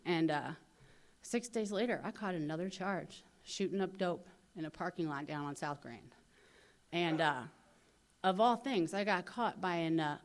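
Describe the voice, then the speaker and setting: A woman in her thirties with a St. gives a personal recovery testimony at a convention. She talks candidly in a slightly low voice and tells her story in an animated way, leaning on "you know" as she goes. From St. Louis, USA.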